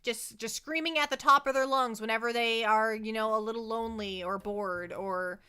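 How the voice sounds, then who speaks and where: This VTuber's voice is fairly high, bright, forceful, and clean, with fairly even intonation and a moderate pace. A young woman chatting casually on her livestream, she rambles, puts herself down, and keeps stumbling over and repeating her words into a close desk mic.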